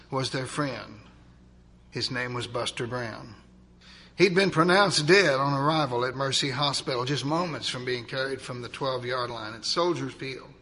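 A man narrating a dramatic story, swinging from loud, urgent passages to hushed ones. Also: medium pitch.

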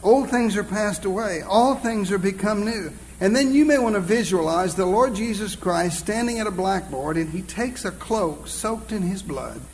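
A man preaching a sermon, earnest and exclaiming, reading scripture slowly and deliberately. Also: sits high, lively intonation, a little mellow, a little hiss or hum, low-quality recording.

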